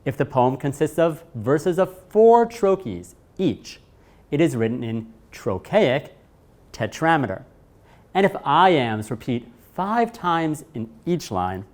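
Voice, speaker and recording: A man narrating a scripted lesson, speaking in a measured way and stressing key words. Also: medium pitch. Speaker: teacher.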